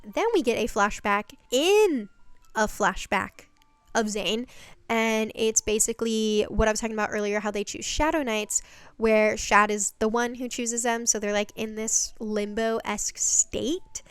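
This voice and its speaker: Chatty woman with a smooth voice. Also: on the high side, unhurried, no room sound, faint music behind. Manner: chatty, rambling, lots of fillers and swearing. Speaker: channel host recapping a series. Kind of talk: casual recap vlog.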